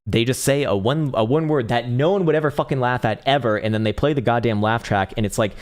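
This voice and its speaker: A young man speaks at a quick pace in a medium-pitched voice while hosting a casual crypto trading livestream. He talks charts and reacts to chat messages, rambling and swearing, laughing often and hunting for the right words.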